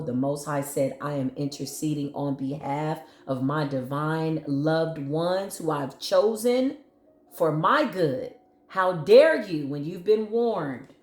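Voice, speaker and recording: A woman's voice: on the low side, a little mellow. A woman giving an intense tarot reading, fiery, scolding and preachy. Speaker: spiritual tarot reader. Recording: roomy echo.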